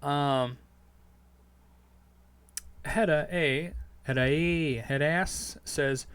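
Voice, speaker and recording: A man's voice: mid-range voice, drawn-out words, long pauses, fairly bright tone, no echo. A man hosting a podcast, answering listener questions in a loose monologue that is profane and full of fillers. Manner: rambling, profane, heavy on fillers. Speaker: podcast host.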